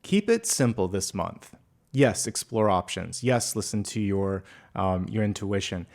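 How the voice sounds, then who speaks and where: Animated and low-voiced, a man who works as a tarot reader and medium offers an earnest monthly forecast. His tone is gently encouraging, broken up by pauses and filler words.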